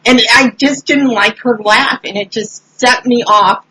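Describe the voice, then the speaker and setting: A woman in casual podcast chat, telling a story in an animated way. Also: fairly high pitch, unhurried, husky. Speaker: podcast co-host. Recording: slightly dull lo-fi sound.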